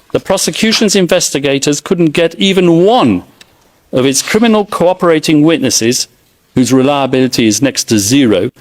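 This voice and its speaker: A middle-aged man giving a formal, emphatic courtroom opening statement as defence counsel, with pointed sarcasm. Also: on the high side.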